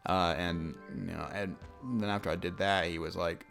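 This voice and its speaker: A young man with a deep, low voice that often drops into gravelly fry, talking casually while he plays a game. He rambles and interrupts himself, stacking fillers and restarts as he tells a story, with faint game music underneath. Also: steady tone, quick pace, hardly any pauses, fairly bright tone. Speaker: gaming YouTuber. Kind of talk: casual let's-play chat with storytelling.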